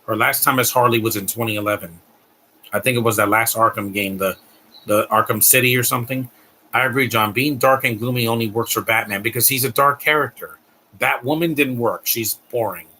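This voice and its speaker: A man's voice: medium pitch, a little fast, bright, forceful tone, slight background noise, poor audio. A man hosting a live stream, giving a blunt, ranting movie reaction commentary with frequent restarts.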